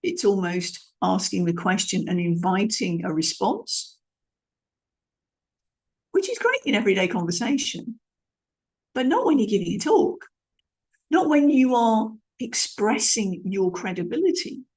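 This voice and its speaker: Animated and a little slow, with frequent pauses, this middle-aged woman teaches vocal tone as a speaking coach. Her mid-range voice is husky and darkish, and she demonstrates emphatically, often restarting phrases.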